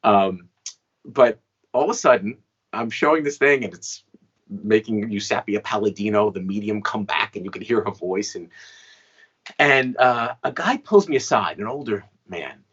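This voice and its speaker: Man in his fifties with a low-pitched voice, telling a long story in an easy, chatty way and checking in with "right?" as he goes. His voice comes through a dull, lo-fi recording. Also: expressive, moderate pace, a bit bright, breathy edge. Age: 50s. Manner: chatty, frequent "right?" asides. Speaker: guest magician and inventor. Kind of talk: storytelling interview answers.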